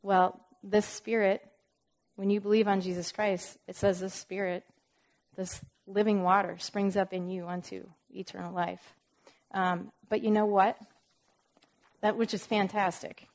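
A woman leading an informal Bible lesson at a medium pitch. She reads verses aloud with added weight, then breaks into chatty explanations and asides. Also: little pitch movement, a little slow, darkish tone. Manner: reads scripture aloud with emphasis. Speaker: Bible teacher.

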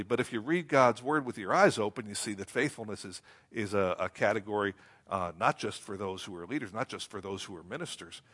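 A male pastor preaching a sermon in a conversational way, asking rhetorical questions, repeating phrases and slowing down to read scripture. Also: fairly low pitch, fairly bright tone, breathy edge.

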